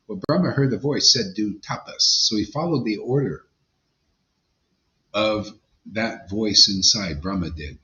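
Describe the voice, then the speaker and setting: A man's voice: mid-range voice, fairly bright tone, highs cut off. A man giving an informal devotional sermon as a spiritual teacher, blunt and emphatic, with slangy asides.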